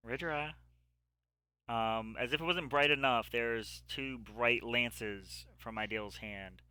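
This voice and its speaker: A man running a tabletop game as game master, narrating combat in a halting way with many pauses and fillers. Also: medium pitch, bright, forceful tone, clear, resonant tone, no room sound. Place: home setup, streamed live.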